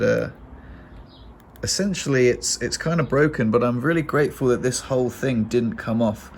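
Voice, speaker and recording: A man vlogging to camera in a casual, rambling way, emotional and swearing freely. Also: mid-range voice.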